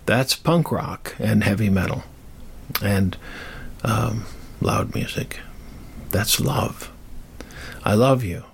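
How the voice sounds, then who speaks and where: A man's voice: lowish voice, slow, creaky, pauses often, slightly rough. An older man hosting a show, telling a story in a rambling, chatty, self-deprecating way. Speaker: host. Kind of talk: casual storytelling.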